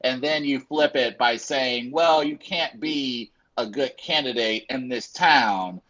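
A man co-hosting a casual podcast debate, halting and restarting as he reads out quotes. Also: medium pitch, sharp tone, lo-fi sound. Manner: halting, full of restarts while reading quotes. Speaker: podcast co-host arguing a case.

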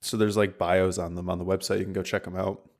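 Low-voiced man rambling on a podcast. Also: fast. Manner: relaxed, rambling, many fillers. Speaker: podcast co-host presenting a whisky distillery. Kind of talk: casual podcast chat.

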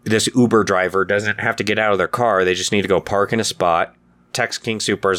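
A man's voice: on the low side, steady tone, a little fast, a bit bright. A man co-hosting a podcast in casual chat, laid-back and profane, laughing often. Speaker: podcast co-host.

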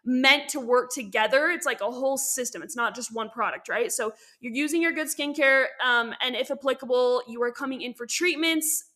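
A woman's voice: sits high, normal speed, hardly any pauses, sharp tone. A young woman hosting a casual skincare podcast, chatty and upbeat, with many fillers and self-corrections. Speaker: podcast host and esthetician. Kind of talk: casual educational podcast talk.

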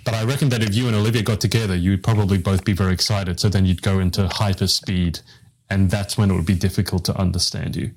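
Rambling low-voiced male host. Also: steady tone, fast, a little mellow, slight background noise. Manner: rambling, self-deprecating storyteller with restarts. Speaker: podcast host, interviewer. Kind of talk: casual live interview.

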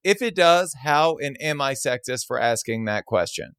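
A man's voice: medium pitch, expressive, normal speed, fairly bright tone, clear, resonant tone, dry recording, studio quality. A man hosting a show, asking his guest a question with care and questioning himself as he goes. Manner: careful and self-questioning. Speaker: podcast host. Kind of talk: interview questions.

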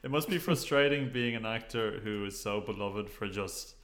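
A man co-hosting a podcast, laughing along and making drawn-out remarks. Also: lowish voice, fairly bright tone. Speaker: podcast co-host. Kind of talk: casual chat.

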